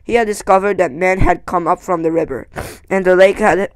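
High-voiced guy reading a book aloud, keeps stumbling and restarting, dry close sound. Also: fairly even intonation, clean tone, no room sound, rough recording. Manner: halting, stumbling, many restarts. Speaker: amateur audiobook reader.

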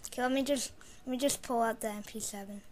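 A woman streams herself playing a shooter, talking to her viewers in a fairly high voice that stays on a flat line. She mutters low between plays, then jumps to sudden loud outbursts. A faint hiss sits under her computer mic. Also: fast. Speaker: gamer streaming live play. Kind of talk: live gameplay commentary.

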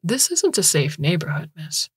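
A woman plays a guarded male police officer who speaks flatly and firmly. her voice is low and husky, recorded close and dry. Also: normal speed, dry recording, full character voice.

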